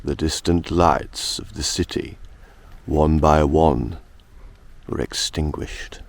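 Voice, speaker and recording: A man putting on a grave, deep-voiced male narrator, with a croaky morning voice and slow, solemn delivery. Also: steady tone, no room sound, heavily acted.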